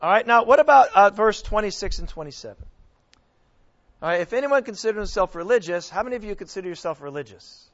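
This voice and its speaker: A man's voice: high-pitched, expressive, fast. A man preaching and teaching scripture to a group, questioning his listeners, with frequent restarts. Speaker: preacher leading a Bible study. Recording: dull lo-fi recording.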